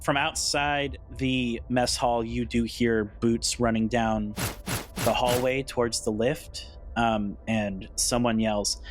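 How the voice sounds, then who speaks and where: A man runs a tabletop game, setting each scene with loose, descriptive narration. His voice sits at a middle pitch, and he often restarts his phrases. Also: steady tone, slow pace, soft background music. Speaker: game master.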